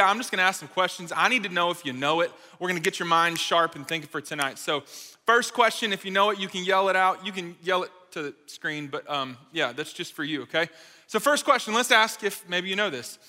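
A man giving a playful, lively sermon to a live audience, joking and talking straight to the crowd. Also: high-pitched, fast. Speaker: speaker at a college ministry gathering. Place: large hall with live audience. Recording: reverberant hall.

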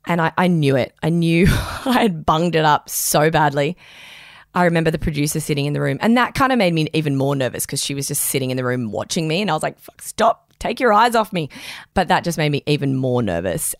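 A young woman hosts a podcast, rambling through casual chat, swearing freely and speeding up when she gets excited. Her voice is deep, and the recording is dry and clean, made in a studio with headphones and a mic.

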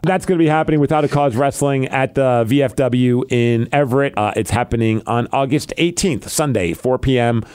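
A man hosting a casual podcast who tells his wrestling stories in an animated way, laughing often and acting out quotes. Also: mid-range voice, fairly quick, few pauses, clean tone, no room sound. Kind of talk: casual chat.

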